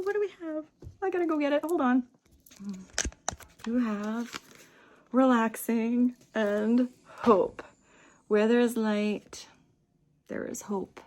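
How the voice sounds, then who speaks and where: A woman giving a casual tarot reading, gentle and chatty, dropping to soft near-whispers on spiritual lines and laughing often. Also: mid-range voice, vocal fry, slight background noise. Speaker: tarot reader. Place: home room with small table.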